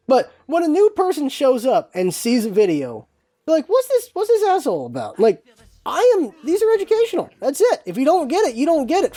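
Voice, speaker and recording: A woman in a casual solo vlog who talks frankly and emphatically, with the odd mild swear. She circles back to the same phrase again and again to hammer a point in. Her voice is mellow and warm, at an ordinary middle pitch. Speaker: gaming vlogger.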